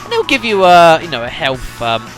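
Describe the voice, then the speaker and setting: A man's voice: on the high side, wildly swooping pitch, normal speed, faint music behind. A man giving casual gameplay commentary, rambling with lots of fillers and addressing the audience as folks. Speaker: let's play commentator.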